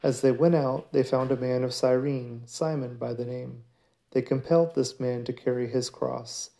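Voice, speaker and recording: A man giving a daily scripture reading in a measured, steady way. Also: mid-range voice, vocal fry. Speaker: scripture reader.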